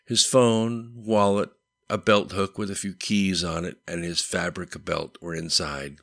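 A man narrates a novel with a steady, unhurried delivery. His voice sits very low with a gravelly edge and a bright, crisp tone, and it is recorded dry and close to the mic. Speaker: audiobook narrator. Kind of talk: scripted narration. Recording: dry close-miked studio voice.

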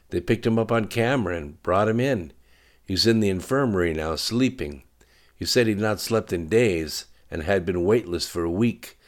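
A man's voice: on the low side, voice pushed up, natural voice. A man voicing a polite, dutiful lieutenant reporting to his superior in an audiobook. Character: dutiful young male lieutenant.

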